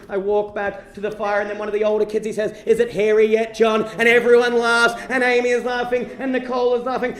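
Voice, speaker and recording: Aussie guy doing stand-up storytelling, quick talker, roomy echoey hall. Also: high-pitched. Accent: Australian. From Australia. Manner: animated, self-mocking, shifts from loud bursts to hushed asides. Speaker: stand-up comedian. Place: theater stage before a live audience.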